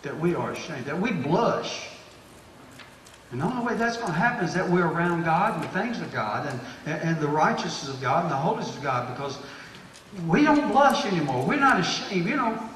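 A man, a pastor preaching a sermon to his church group, exhorting and repeating phrases as he builds to loud, emphatic bursts. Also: a little high, sing-song, brisk, slight background noise. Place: church hall. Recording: echoey hall, distant mic.

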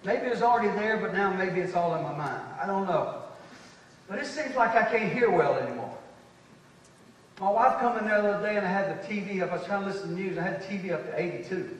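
A man in his fifties, a pastor preaching a sermon, swinging between loud declarations and quiet conversational asides. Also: high-pitched, lively intonation, fast, a little hiss or hum. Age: 50s. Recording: echoey hall from far off.

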